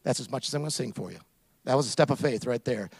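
A man preaching a sermon as a pastor, animated, acting out little scenes and asides as he goes. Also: medium pitch, fast talker, creaky, slightly rough.

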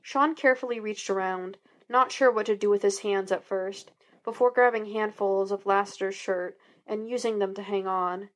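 A woman's voice: mid-range voice, steady tone, moderate pace, fairly bright tone. Woman reading a fan-fiction audiobook. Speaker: podfic reader. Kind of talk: audiobook narration.

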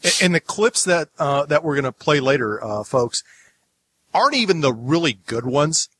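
A man's voice: a little high, lively intonation, normal speed, a bit bright, husky. A man from the United States hosting a podcast, chatting casually in a rambling way with many restarts. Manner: rambling, lots of restarts and asides. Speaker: podcast host.

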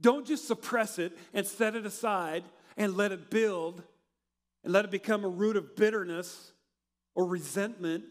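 A high-pitched man preaching in a church hall, his voice carrying a long reverberant tail. He asks the congregation questions and waits for the answer, then lets his voice sink low and quiet. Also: measured pace. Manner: preaches with rhetorical questions, swings from loud to quiet. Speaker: pastor. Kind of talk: sermon.

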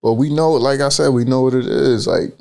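Young man, relaxed co-host, casual podcast chat, mid pitch. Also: brisk, creaky.

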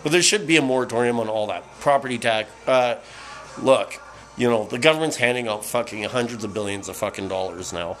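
Speaking fairly quickly in a mid-range voice, a middle-aged Canadian man hosting a podcast rants loosely after a few beers. His talk is full of swearing, filler words, and restarts.

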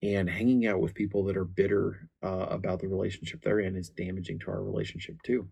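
Deep gravelly man, earnest. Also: little pitch movement, quick pace, a little mellow. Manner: earnest, candid storytelling with many restarts. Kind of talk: faith-based marriage talk.

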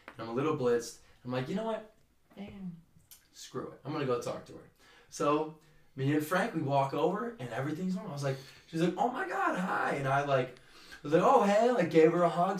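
Young male co-host, loose and swearing, with echoey room sound and the mic set back. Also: mid-range voice. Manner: rambling, animated, swears freely. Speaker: podcast co-host. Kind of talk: casual storytelling chat. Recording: roomy, distant from the mic.

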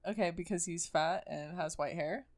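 A woman's voice: on the low side, normal speed. A young woman co-hosting a podcast in casual chat, wry and sarcastic, swearing casually. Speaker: podcast co-host.

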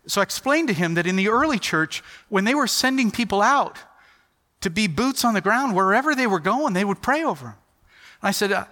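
A man's voice: sits high, animated, a little fast, sharp tone. A middle-aged man preaching a sermon, telling stories animatedly and acting out the dialogue. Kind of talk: sermon storytelling. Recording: long hall reverb.

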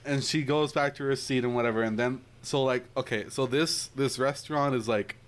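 Rambling young man telling a story. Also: a little fast. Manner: rambling, animated storytelling with lots of "like" and shrill impressions of others. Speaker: storyteller in a group chat. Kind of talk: casual chat.

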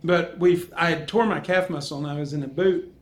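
A man in casual chat, telling an animated story and laughing as he goes. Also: on the high side, a little fast, a crowd in the background.

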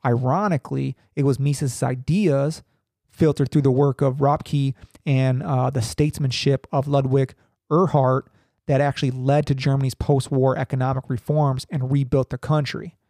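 Gravelly young man reading with ums. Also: medium pitch, little pitch movement, mellow, dry recording, clean studio sound. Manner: halting, many ums and restarts. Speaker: podcaster reading and commenting. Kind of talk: reading aloud with casual asides.

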